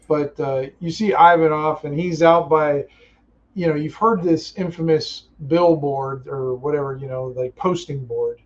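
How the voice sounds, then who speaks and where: A man narrating a tabletop game as game master, halting with many fillers. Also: on the high side, steady tone, highs cut off.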